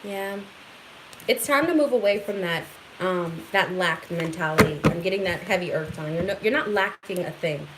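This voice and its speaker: A woman giving an excitable, affirming tarot reading straight to her viewers in a casual home recording. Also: lowish voice, moderate pace, heavy background noise. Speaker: tarot reader.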